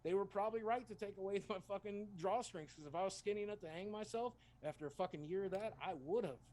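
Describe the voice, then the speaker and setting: A man's voice: high voice, a little mellow, a little hiss or hum. A man casually telling a personal story, candid and heavy on swearing. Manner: profane, candid, fast-talking.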